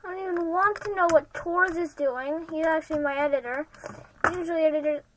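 A child commenting on a block-game match, excitable and often muttering quiet half-whispered asides. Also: extremely high pitch, brisk, noisy background. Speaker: gamer. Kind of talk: Minecraft gameplay commentary.

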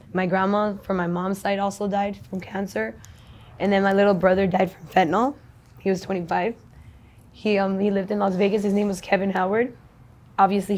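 Young woman, slangy and rambling. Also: mid-range voice. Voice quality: slangy, profane, rambling talk. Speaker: interviewee. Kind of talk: casual street interview.

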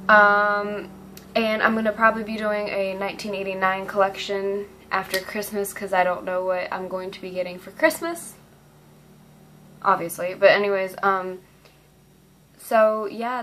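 A woman's voice: mid-range voice, fairly bright tone, slight background noise, rough recording. A teenage girl vlogging casually, rambling and gushing with lots of ums. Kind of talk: casual fan vlog.

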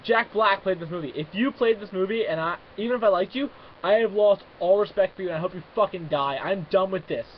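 A young man venting in an angry, profane rant to camera, swinging between loud outbursts and muttering. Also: sits high, a little fast, muffled recording, slight background noise. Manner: swears constantly, shifts between fuming shouts and muttering. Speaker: vlogger.

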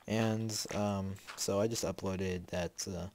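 A man's voice: sits low, steady tone, takes it slowly, a little mellow, a little hiss or hum. A man giving casual gameplay commentary as a Let's Play host, rambling and talking to himself with lots of fillers, a bit sniffly from a slight cold.

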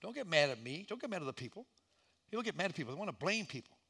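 A male pastor preaching in church with a lively, sweeping voice that climbs high for acted-out cries and drops low for hushed moments. His tone is bright and forceful, and his pitch sits a little high. He tells the story dramatically, putting on voices. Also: rapid-fire, gravelly, husky. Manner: dramatic storytelling, acting out voices, swinging from shouts to hushed lines. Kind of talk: sermon.

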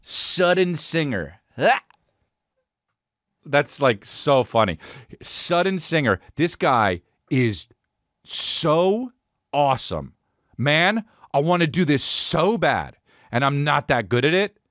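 A man hosting a podcast, telling a rambling, swearing story in casual chat with animated impressions. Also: a little high, takes it slowly, long pauses, no echo, clean studio sound. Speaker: podcast host.

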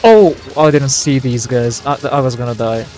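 A young man streaming a war game live, reacting loudly, swearing and yelling at his teammates. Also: mid-range voice, normal speed, faint music behind. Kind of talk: live gameplay commentary.

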